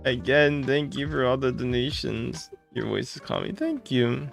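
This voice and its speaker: A man's voice: medium pitch, big pitch swings, a little slow, vocal fry, soft background music. A man streaming live, greeting viewers by name and gushing his thanks in casual chat.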